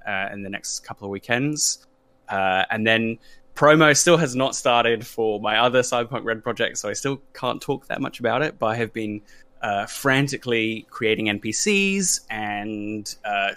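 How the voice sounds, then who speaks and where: A man's voice: lowish voice, sharp tone, dry recording. A man who hosts a roleplaying podcast and runs games, talking casually with lots of ums and restarts. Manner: hesitant, many fillers and restarts. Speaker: podcast host and game master. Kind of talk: casual panel chat.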